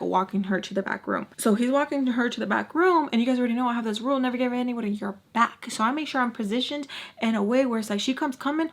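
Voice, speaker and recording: Casual young woman storyteller, high voice, animated, talkative, swears freely. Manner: animated, chatty, full of fillers and swearing. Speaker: vlogger telling a story.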